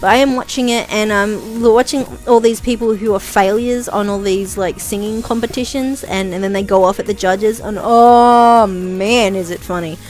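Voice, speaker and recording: A woman's voice: mid-range voice, fairly quick, few pauses. A woman vlogging casual commentary on video listings, rambling with many ums and frequent chuckles.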